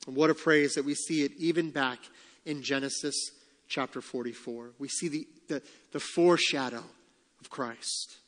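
A male pastor preaching a sermon, reading scripture aloud and acting out the quotes with lively emphasis. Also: mid-range voice, moderate pace, in a large hall.

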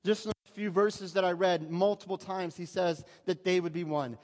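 A man's voice: high-pitched, steady tone, moderate pace, a little mellow. Guy preaching in church, talks casual to the crowd, lots of questions, big hall echo. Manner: conversational preaching with rhetorical questions to the congregation. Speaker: pastor. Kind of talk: sermon. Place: church sanctuary. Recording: long reverb of a church hall.

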